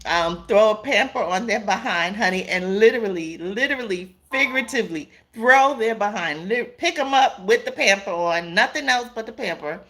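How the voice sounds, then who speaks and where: A woman's voice: medium pitch, animated, moderate pace, hardly any pauses, a bit bright. A woman hosting a casual live stream, reading viewer comments aloud, laughing often and calling her viewers "y'all" and "honey".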